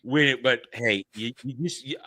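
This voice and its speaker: Very bright, dry-sounding animated man. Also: mid-range voice, a little slow, no echo. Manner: animated storyteller, stumbles over his words. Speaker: podcast panelist. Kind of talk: casual panel chat.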